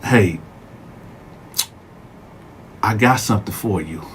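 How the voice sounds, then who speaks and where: A man voicing a bold, scheming female prison guard who speaks in a low, hushed murmur. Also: slow, a little hiss or hum. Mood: seductive whisper.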